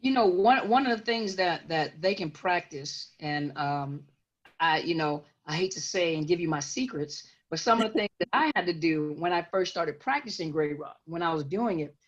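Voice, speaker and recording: A woman's voice: on the low side, lively intonation, normal speed. A woman counselor giving emphatic explanations in an interview, often repeating words as she builds her point. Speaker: guest counselor. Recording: dull lo-fi audio.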